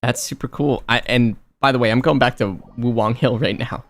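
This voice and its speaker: A man's voice: mid-range voice, steady tone, a little fast, fairly bright tone. A man guesting on a stream, chatting in a laid-back, hesitant way. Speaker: guest voice actor. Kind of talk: casual stream chat.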